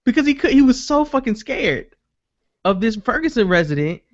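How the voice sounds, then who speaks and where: Animated man telling a story, dull audio. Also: very high voice, moderate pace, no echo. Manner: animated storytelling, acts out quotes, swears freely. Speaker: podcast host. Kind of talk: casual chat.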